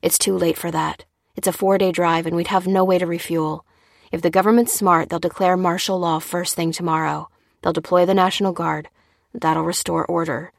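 A woman's voice: fairly low pitch, fairly even intonation, moderate pace, creaky, no room sound, clean studio sound. A woman reading the lines of a tense adult man, clipped and insistent, in a storybook reading. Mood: urgent.

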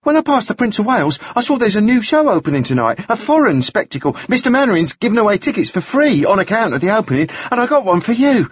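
Eager young office boy, high and earnest, slightly husky, as a man reads him. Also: sing-song, moderate pace, dry recording, dull audio, heavily acted.

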